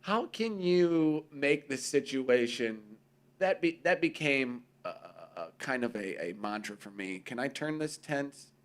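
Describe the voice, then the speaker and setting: A man's voice: mid-range voice, lively intonation, a little slow. A man co-hosting a casual talk show, swearing freely and telling stories, acting out the voices of people he quotes. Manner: profane, storytelling, acts out quoted voices. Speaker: podcast co-host. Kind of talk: casual chat.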